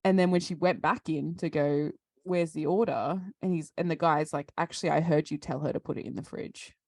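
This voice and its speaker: An Australian woman co-hosting a casual chat, with a lowish, gravelly voice recorded dry and close. She rants her way through a story and acts out the back-and-forth. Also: brisk, a little mellow, no echo. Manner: ranting storyteller, acts out both sides of conversations. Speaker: podcast co-host.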